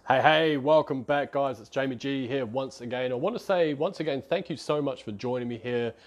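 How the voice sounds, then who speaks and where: A man's voice: medium pitch, brisk. A man, hosting a solo podcast in a chatty, rambling, self-deprecating way. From New Zealand. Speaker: podcast host.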